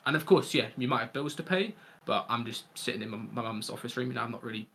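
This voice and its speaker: A young man on a casual podcast, giving relaxed advice as a coach and often checking in with "right?". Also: mid-range voice, fast, gravelly, slightly rough. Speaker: Fortnite coach.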